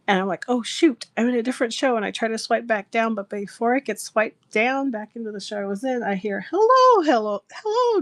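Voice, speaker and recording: A middle-aged woman hosting a craft livestream, chatting casually and breaking into laughter as she tells a funny story. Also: mid-range voice. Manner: animated, laughing often while telling a story. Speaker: livestream seller host. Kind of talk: casual live-stream storytelling.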